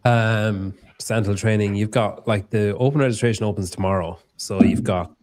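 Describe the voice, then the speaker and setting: A man's voice: lowish voice, fairly even intonation, normal speed, a little mellow. A man hosting a casual podcast, joking and rambling, swearing freely. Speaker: podcast host.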